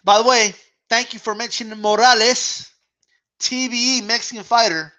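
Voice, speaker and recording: A man's voice: very high-pitched, steady tone, normal speed, bright, forceful tone. A man hosting a casual boxing talk stream, reading viewer questions aloud, laughing often and talking in slang with casual swearing.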